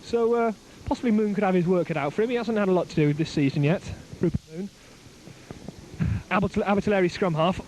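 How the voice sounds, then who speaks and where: A man giving live play-by-play rugby commentary outdoors at a ground, excitable and joking, his voice climbing as the play builds. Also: sits high, fast. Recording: noisy outdoor amateur recording.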